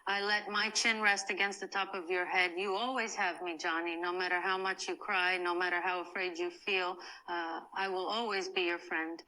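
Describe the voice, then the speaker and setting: A woman voicing a cold, proud woman who softly comforts a crying friend in a first-person comfort role-play. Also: fairly low pitch, level tone, low-quality recording. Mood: tender. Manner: soft, slow, soothing.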